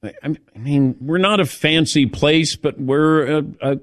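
A man's voice: on the high side, a little slow, no echo, studio quality. Middle-aged man telling a story on air. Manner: storytelling, animated, calls on cohosts. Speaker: radio show host. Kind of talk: casual studio chat.

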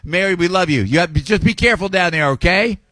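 A man's voice: high-pitched, lively intonation, quick pace, fairly bright tone, dry recording. A man hosting a radio show from a jazz club, effusive and laughing often. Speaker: radio host.

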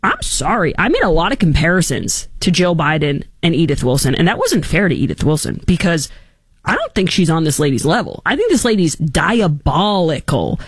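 A woman's voice: lowish voice, sing-song, moderate pace, husky, dry recording. A woman hosting a talk show, giving sarcastic, emphatic political opinions. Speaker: talk radio host.

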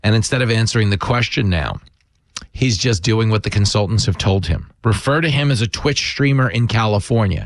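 A man's voice: mid-range voice, lively intonation, moderate pace, vocal fry, dry recording. A man hosting a show, delivering opinionated political commentary with sarcastic, mocking asides.

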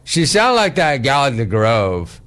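A man hosting a talk show, telling stories fast and doing voices. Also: mid-range voice. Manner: animated, fast, does voices. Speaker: radio talk show host. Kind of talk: casual storytelling and call-ins.

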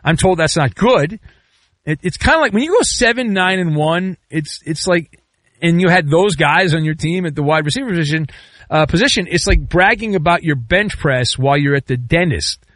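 A man hosting a sports talk show, riffing sarcastically and swinging between loud bursts and low asides. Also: normal speed, no echo. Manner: sarcastic, riffing with mock quotes. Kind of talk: sports talk radio commentary.

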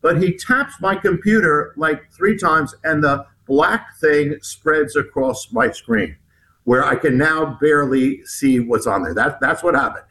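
A man, somewhat high-voiced, telling a guest's story in an interview. He speaks haltingly, restarting his sentences and repeating words as he goes. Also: pushed and bright, low-quality recording. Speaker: author guest. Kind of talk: recounting a personal story in an interview.

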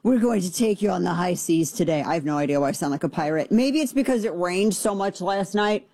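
A woman's voice: lowish voice, lively intonation, fairly quick, mellow, no room sound. A woman hosting a talk radio show, sarcastic and rambling with a self-mocking tone.

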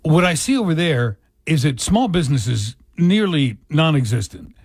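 A man's voice: fairly high pitch, big pitch swings, normal speed, breathy edge, no echo. A male radio talk show co-host, giving opinions with many restarts.

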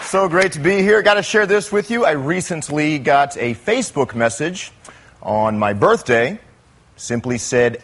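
A man's voice: fairly high pitch, expressive, moderate pace, fairly bright tone, slight background noise. A male stand-up comedian with a dry, sarcastic delivery. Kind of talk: stand-up set.

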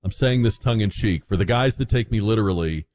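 A man's voice: on the low side, quick pace, a little mellow. A man hosting a talk radio show, delivering an opinionated, sarcastic monologue with frequent restarts.

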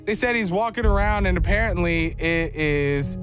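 A high-pitched man hosts a radio show, telling a story with lots of animation and playful silly voices. A faint music bed sits underneath him. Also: moderate pace. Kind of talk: casual morning show banter.

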